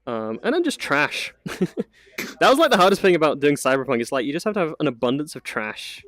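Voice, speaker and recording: A man's voice: a little high, very animated, a little fast, fairly bright tone, no echo. A man giving a casual, chatty live-stream tour of a virtual apartment he built, with lots of fillers and frequent laughs. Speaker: community manager giving a VR tour.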